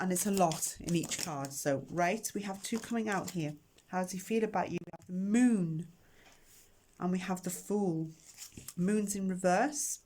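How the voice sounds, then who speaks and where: A woman's voice: medium pitch, darkish tone, a little hiss or hum. A woman hosting a casual tarot reading to camera, chatty and emotional as she talks directly to her viewers, recorded indoors on a camera microphone. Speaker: tarot reader and channel host.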